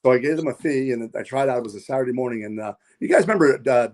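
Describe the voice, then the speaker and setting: A man's voice: medium pitch, very fast, darkish tone. A man, a guest on a podcast, telling long stories in a rambling way with many fillers and repeated words. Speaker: podcast guest, wrestler and pilot. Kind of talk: casual storytelling interview.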